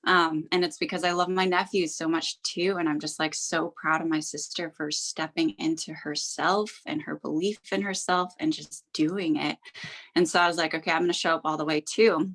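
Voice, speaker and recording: A woman's voice: low voice, steady tone, moderate pace, a bit bright. A young woman guest on a live business call, teary and on the verge of tears, telling her story in a heartfelt, effusive way. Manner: heartfelt and effusive, with laughs and fillers. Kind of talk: casual emotional testimony.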